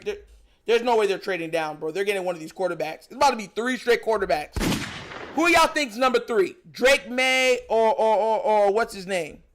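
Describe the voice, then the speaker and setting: A man with a New York accent hosting a live stream, talking loudly in slangy, excited commentary, often shouting and laughing. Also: high voice.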